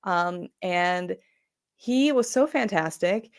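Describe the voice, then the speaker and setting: A woman's voice: fairly low pitch, animated, slow pace, clean tone. A woman author talking over a video call in a casual, enthusiastic way, often restarting her sentences. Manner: chatty and enthusiastic, with frequent restarts and filler. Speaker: traditionally published novelist, guest. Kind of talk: casual live-stream chat.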